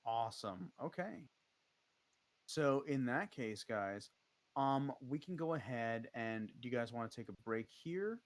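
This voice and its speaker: A man runs a tabletop game as game master, talking casually and filling pauses with ums. His voice sits at a middle pitch and sounds dry and close. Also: animated, no echo. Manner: casual, many fillers.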